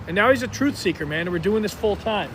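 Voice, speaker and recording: A man's voice: high-pitched, animated, fast talker. A man hosting a live stream outdoors in a town square, talking straight to his viewers in an upbeat way on a phone camera. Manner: upbeat, addresses viewers directly, hypes the stream. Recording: noisy outdoor street sound.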